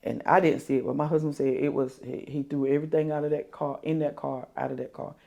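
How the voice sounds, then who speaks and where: An older woman, telling a painful family story in an interview, halting and repeating herself. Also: deep voice, level tone, gravelly, dark tone. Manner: halting, repeats herself, quotes others aloud. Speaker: interview guest. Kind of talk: emotional interview.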